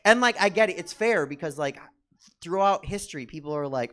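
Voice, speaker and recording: A man's voice: fairly high pitch, animated, a little fast, fairly bright tone. A young adult man doing a stand-up comedy set, rambling and filling his talk with "like" and other fillers. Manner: rambling, filler-heavy with constant "like". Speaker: stand-up comedian and drag performer. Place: comedy theater stage.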